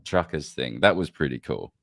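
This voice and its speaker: A very deep-voiced man hosts a casual chat, cursing freely and cutting himself off mid-sentence. The sound is dry and close, with no room behind it. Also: animated, moderate pace, gravelly, fairly bright tone, no echo. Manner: rambling, profane, self-interrupting. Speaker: podcast host. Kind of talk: casual chat while showing clips.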